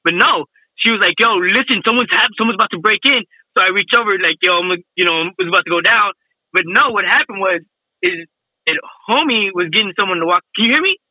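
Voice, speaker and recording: A man's voice: high-pitched, expressive, fast, sharp tone, husky, no echo, muffled recording. A man telling a funny story in casual chat, laughing a lot, slangy and swearing often.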